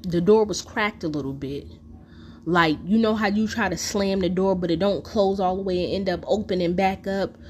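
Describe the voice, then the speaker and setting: A woman's voice: mid-range voice, moderate pace, darkish tone, a little hiss or hum. A woman telling a personal story in a casual, profane monologue full of fillers.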